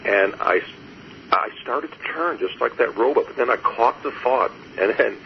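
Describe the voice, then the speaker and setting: A man, a therapist speaking as an interview guest, reflective and storytelling, with soft laughs and frequent fillers. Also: mid-range voice, lively intonation, normal speed, vocal fry. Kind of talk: conversational interview. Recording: muffled lo-fi audio with faint hiss.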